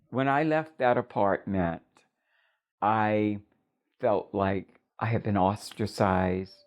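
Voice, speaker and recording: An older woman recounting a personal story in a measured, reflective way. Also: rumbling low, a little mellow, dull audio.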